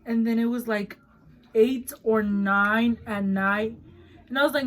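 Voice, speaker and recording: A woman's voice: fairly high pitch, steady tone, measured pace, soft background music, poor audio. Blunt, foul-mouthed young woman vlogger. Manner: blunt, swears a lot, switches between English and Spanish. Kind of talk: casual storytime chat.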